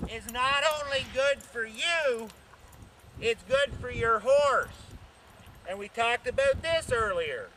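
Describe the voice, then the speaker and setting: Man, riding instructor, very high voice, sharp bright tone, counts strides out loud, outdoors on horseback. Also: a little hiss or hum. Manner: counts strides aloud, checks in with "okay?". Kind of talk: instructional talk while riding.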